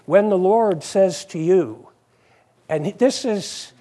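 High-voiced slow preaching man. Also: mellow. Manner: conversational, repeats phrases, asks the congregation questions. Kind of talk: sermon.

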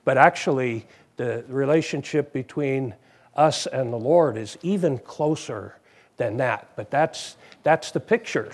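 Male preacher, high and unhurried, chatty sermon delivery, asks the listeners questions. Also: lively intonation, darkish tone. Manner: conversational, repeats phrases, asks the congregation questions.

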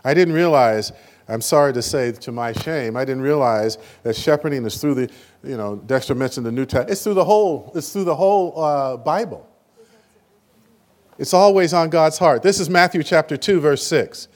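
A man preaching a sermon in a church meeting, animated and emotional, with sudden loud rises and halting repeated words. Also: fairly high pitch.

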